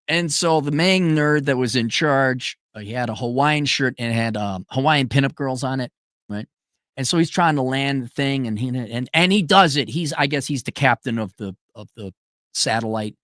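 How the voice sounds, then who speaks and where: A man's voice: mid-range voice, expressive, a little fast, fairly bright tone, no echo, studio quality. A man delivering a profane, sarcastic ranting monologue, breaking into mocking voices. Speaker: commentator.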